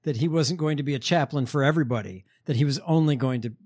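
A man's voice: medium pitch, quick pace, darkish tone. Laid-back male podcast host. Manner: laid-back, profane, lots of fillers. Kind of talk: casual chat.

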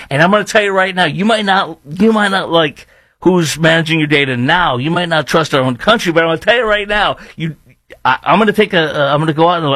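A man's voice: a little high, a bit bright, dry recording. A man hosting a political talk radio show, speaking emphatically, repeating himself and firing rhetorical questions.

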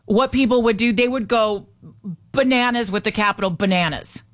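A woman's voice: on the high side, normal speed. Sarcastic female talk radio host. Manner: animated, sarcastic asides. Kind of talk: opinionated talk radio chat. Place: radio studio.

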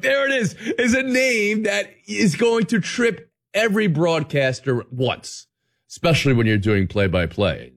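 Animated male sports radio host. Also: sits high, a little slow. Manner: animated, playful, sing-song tongue twisters. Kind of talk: casual sports talk show banter.

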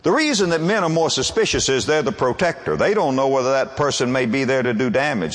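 An older man preaching a sermon, with wide swings in pitch and slow, drawn-out emphasis. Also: animated, long reverb tail.

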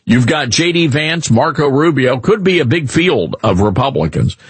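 A talk radio host with a husky, slightly raised voice that swings all over as he rants and jokes. The sound is dry and close to the mic. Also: mid-range voice, normal speed, no echo. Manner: animated, mocking, rambling. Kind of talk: opinionated talk radio commentary.

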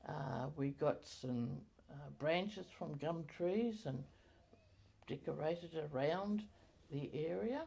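An older woman recalling her community life in an oral history interview, halting with many fillers and self-corrections. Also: low-pitched, expressive, vocal fry, mellow, husky.

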